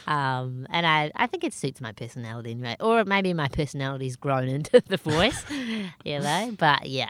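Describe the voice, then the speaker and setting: A young woman comedian with a squeaky, nasal voice, chatting casually and self-deprecatingly in an interview, laughing often. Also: pushed and bright, dry recording. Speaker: comedian guest.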